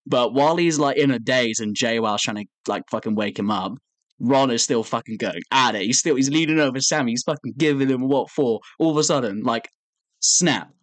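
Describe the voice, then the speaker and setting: Young male podcast co-host, animated sweary storyteller, average pitch, dry close mic. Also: a little fast, no room sound. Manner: animated storytelling, swears a lot, acts out quotes. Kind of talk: casual chat.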